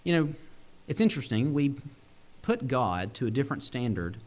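Animated preacher man. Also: moderate pace. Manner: animated, swings pitch and pace, chuckles often. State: sick, using cough drops. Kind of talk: sermon.

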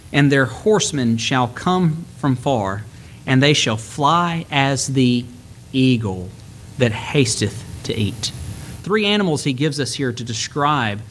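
A man preaching a sermon, reading scripture slowly and breaking into quick, folksy asides. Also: medium pitch, slight background noise. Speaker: pastor.

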